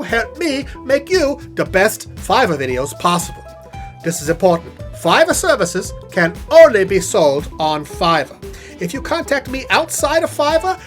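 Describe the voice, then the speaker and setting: A performer voicing a vain male puppet professor who talks to camera as a comic spokesman, theatrical and sassy. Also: fairly bright tone. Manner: theatrical, sassy, swooping pitch. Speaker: puppet spokesman for custom videos. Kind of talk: comic scripted monologue to camera. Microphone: on-camera puppet set.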